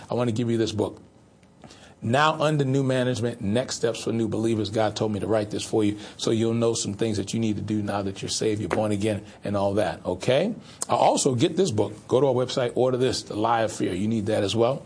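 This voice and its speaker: A man's voice: medium pitch, a little mellow, slightly rough. A man preaching a sermon as pastor, repeating rhetorical questions in an insistent way.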